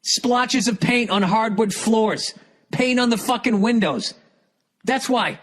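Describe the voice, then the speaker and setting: A middle-aged male comedian delivering an angry, profane ranting monologue with sudden shouted outbursts. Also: very high voice, takes it slowly.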